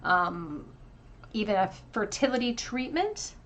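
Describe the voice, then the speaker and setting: A woman giving a tarot card reading to her viewers, earnest and emotional, often pausing with fillers and restarts. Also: medium pitch, sing-song, fairly bright tone, slight background noise. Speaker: tarot reader.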